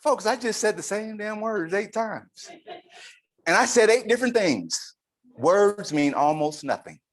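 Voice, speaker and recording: A man giving a lively leadership talk at a conference, emphatic and playful with the audience. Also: on the high side. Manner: animated, emphatic, playful with the crowd. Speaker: conference speaker. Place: conference room.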